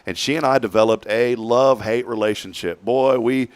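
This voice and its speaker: A man's voice: medium pitch, normal speed, clean tone, no room sound. A man hosting a casual talk show, telling stories and acting out the people in them. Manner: storytelling, animated when quoting people. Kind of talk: casual chat.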